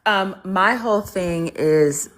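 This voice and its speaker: A woman's voice: medium pitch, slow, fairly bright tone. A woman joining a book discussion over a video call, talking animatedly with many fillers and acted-out quotes. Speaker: discussion participant. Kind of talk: casual literary discussion.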